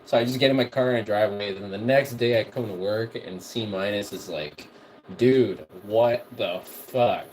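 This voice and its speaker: Low-voiced man livestreaming from his kitchen, loose and profane, circles back over his own story. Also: fairly quick, few pauses, slight background noise. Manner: rambling, profane, repeats himself. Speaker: music producer and livestream host. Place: home kitchen while cooking.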